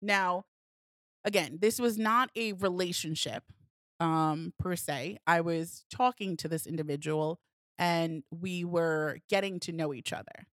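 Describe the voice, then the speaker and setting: A young woman co-hosting a podcast, talking casually in an animated, sassy way and telling a story with many restarts. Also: fairly low pitch, measured pace, no echo, studio quality. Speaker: podcast co-host.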